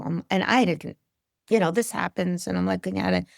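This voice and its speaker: Middle-aged woman, medium being interviewed; gravelly, dry close sound; animated storyteller. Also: brisk, no echo. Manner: animated storyteller, acts out quotes with big pitch jumps.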